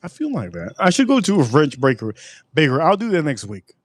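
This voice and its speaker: A man's voice: a little high, wildly swooping pitch, fast, no room sound. A man hosting a casual livestream, rambling and joking with plenty of swearing. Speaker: livestream host.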